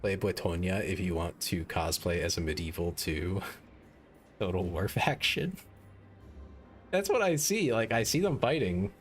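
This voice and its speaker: A man with a very low voice talks loosely over his game, rambling and poking fun at himself as he goes. Faint game music plays quietly under him while he speaks into a desk mic. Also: normal speed. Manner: rambling and self-mocking, many "like" fillers. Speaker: game streamer. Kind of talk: casual gaming stream chat.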